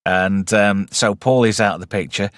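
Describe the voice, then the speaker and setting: A man's voice: on the low side, steady tone, normal speed, no room sound, clean studio sound. A man hosting a casual live film review stream, chatty and wry with rambling asides.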